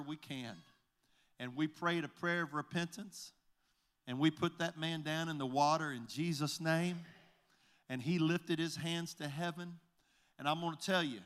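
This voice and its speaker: Male pastor, sermon storytelling, slightly high and bright, restarts and repeats a lot while walking through a story. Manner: recounts conversations, retelling each exchange with repeated "I said, he said"; halting restarts and repeated words.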